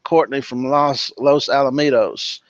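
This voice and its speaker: A relaxed man from California hosts a live online session, greeting his audience one by one and calling them brother and dude. His voice sits in a middle register. It comes through dry and a little muffled, like a basic computer microphone. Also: mid-range voice, a little slow, no echo. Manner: relaxed and chummy, calls people brother and dude. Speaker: webinar host. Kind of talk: casual live-stream chat reading out viewer greetings.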